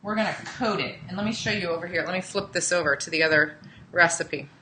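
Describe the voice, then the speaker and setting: A woman's voice: on the low side, fast talker, pushed and bright, reverberant, slight background noise, poor audio. A woman hosting a casual live cooking demo, chatting with viewers as she cooks in a home kitchen. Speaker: cooking show host.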